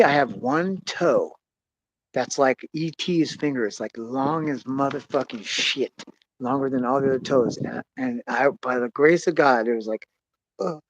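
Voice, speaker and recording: A young man telling a story in casual, profane chat, swinging between loud bursts and quiet mutters. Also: mid-range voice, dull audio. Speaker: podcast host.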